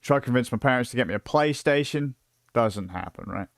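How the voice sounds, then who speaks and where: A British man in his late thirties, chatting casually on a livestream and telling stories in an excitable, profane way, full of fillers and restarts. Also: mid-range voice, brisk, creaky, no echo, studio quality. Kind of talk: casual rambling stream chat.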